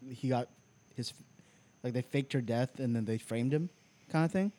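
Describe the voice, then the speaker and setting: A young man guesting on a casual podcast. He often pauses to hunt for words, filling the gaps with ums, and sounds easygoing in the chat. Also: mid-range voice, mellow. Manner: hesitant, lots of ums.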